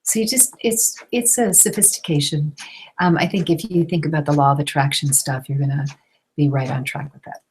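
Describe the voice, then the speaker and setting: A woman's voice: low voice, steady tone, a little fast, a little mellow, husky, rough recording. A middle-aged woman teaching an online class, talking casually with many fillers and restarts. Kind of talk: casual teaching, reading out questions.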